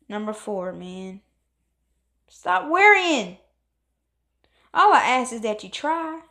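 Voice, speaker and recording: A woman's voice: mid-range voice, lively intonation, takes it slowly, pauses often, bright, forceful tone. A woman giving a motivational pep talk, emphatic and preachy, repeating phrases for stress. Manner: calls on God in exclamations. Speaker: motivational speaker.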